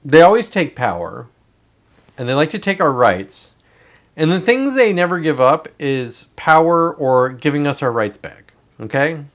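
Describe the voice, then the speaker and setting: A man's voice: a little high, big pitch swings, measured pace. A man hosting his own show, ranting casually in a profane, sarcastic and annoyed way, with muttered asides. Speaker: host.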